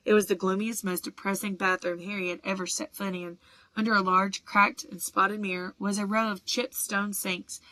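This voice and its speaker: A woman narrating an audiobook in a steady, even storytelling voice. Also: mid-range voice, normal speed, dry recording. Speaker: audiobook reader.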